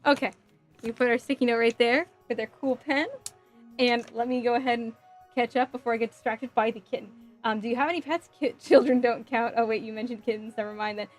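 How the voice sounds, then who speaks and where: Giggly lady streamer chatting w her chat, kinda high voice, soft music in the back. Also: steady tone, a little fast. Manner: chatty and giggly, thinks out loud. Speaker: live streamer. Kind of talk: casual live-stream chat, reading chat aloud. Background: faint music.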